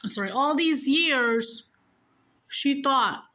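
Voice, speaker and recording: A woman's voice: high-pitched, animated, slow, bright, forceful tone, rough recording. A woman telling a personal story in a casual, rambling way, correcting herself often and swearing freely.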